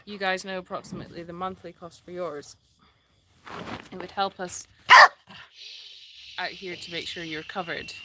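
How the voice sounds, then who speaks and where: A woman's voice: on the low side, steady tone, normal speed, pauses often, fairly bright tone, slight background noise. A Scottish woman hosting a casual live stream outdoors at an animal sanctuary, giggling and reading viewer comments aloud. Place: outdoors in a dusty animal yard.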